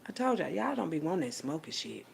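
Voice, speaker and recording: A woman delivering a profane, preachy rant as a little sermon, swinging between hushed asides and loud outbursts. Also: sits low, sing-song, fast talker, creaky, slightly rough. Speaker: vlogger giving a street sermon.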